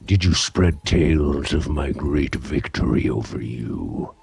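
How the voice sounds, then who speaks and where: A man's voice: rumbling low, expressive, vocal fry, a little mellow, breathy edge, pitched below the performer's own voice, exaggerated voice. A man doing a pompous gremlin boss. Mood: smug. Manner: slow, pompous and self-important. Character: smug male aquatic gremlin boss, one bulging eye.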